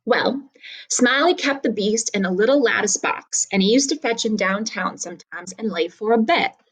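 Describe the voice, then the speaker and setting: A woman's voice: medium pitch, animated, normal speed, husky, rough recording. A woman summarizing a story in a casual, conversational way and then reading it aloud. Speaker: reader.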